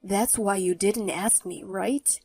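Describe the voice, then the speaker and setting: A woman's voice: medium pitch, slow pace, warm tone, husky, no echo. A woman voicing an angry, defensive male ex-husband in a story, indignant and whiny, with faint music behind. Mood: sulky. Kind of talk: storybook narration.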